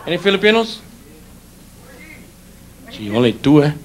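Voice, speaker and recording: In a live show at a hotel showroom, with the crowd laughing and making noise, a middle-aged comic with a Hawaiian Pidgin accent ribs the audience and chats with them directly. His voice is on the high side, expressive and fairly quick.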